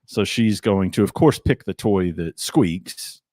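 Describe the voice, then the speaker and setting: A man's voice: deep voice, slow, darkish tone, slight background noise. A man hosting a livestream from a tasting room, chatting casually and telling rambling anecdotes. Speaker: livestream host. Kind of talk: casual chat over drinks.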